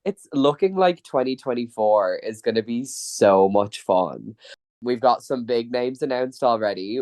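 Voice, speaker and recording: A man's voice: mid-range voice, a little mellow. A man hosting a casual podcast, chatty and upbeat in a playful presenter tone. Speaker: podcast host.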